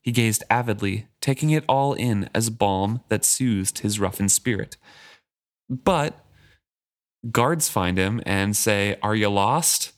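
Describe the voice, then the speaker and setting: Lowish guy on a book podcast, reads bits aloud then chats about them. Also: slow. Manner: reads passages aloud then paraphrases casually. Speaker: podcast co-host. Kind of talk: casual book discussion with read-aloud passages.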